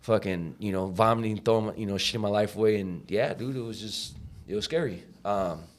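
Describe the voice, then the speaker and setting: A man with a fairly low voice tells his story in a rush, words tumbling out quickly. His talk is casual and salted with swearing and slang, packed with "like" and "you know." He slips into the voices of the people he quotes. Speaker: podcast guest.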